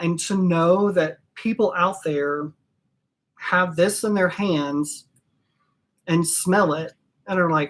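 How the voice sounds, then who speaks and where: Slow, low-voiced woman hosting a stream. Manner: warm, heartfelt, many ums and pauses. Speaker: host of a perfumery channel. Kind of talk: casual live-stream sign-off.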